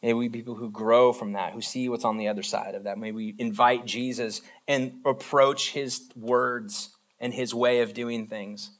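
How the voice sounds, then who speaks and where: Pastor, male, relaxed chatty sermon delivery, average pitch, down-to-earth examples. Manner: informal, talks through everyday examples, acts out quick voices. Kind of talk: casual conversational sermon.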